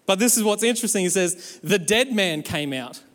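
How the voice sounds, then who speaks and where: High-voiced man preaching in a hall. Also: brisk. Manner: animated, exhorting, playful asides. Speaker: pastor. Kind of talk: sermon.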